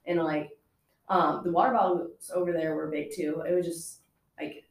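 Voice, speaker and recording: A woman's voice: fairly low pitch, steady tone, moderate pace, echoey room, slight background noise, rough recording. A young woman chatting casually with a student group, full of fillers and laughing asides. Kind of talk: casual chat.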